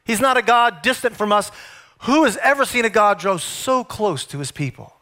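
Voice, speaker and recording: A male preacher with a high, bright, forceful voice delivers an emphatic sermon. He keeps turning to his listeners with rhetorical questions, leaning hard on his key points. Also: animated, normal speed.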